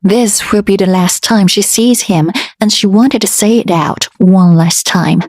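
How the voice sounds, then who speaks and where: A woman storyteller reading a fantasy romance aloud in a steady, unhurried way. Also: medium pitch, no room sound.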